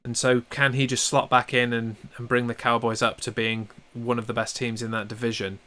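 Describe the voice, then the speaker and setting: A man co-hosting a casual sports podcast, measured and dryly teasing. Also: mid-range voice, level tone, sharp tone. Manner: dry teasing humor, measured. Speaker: podcast co-host.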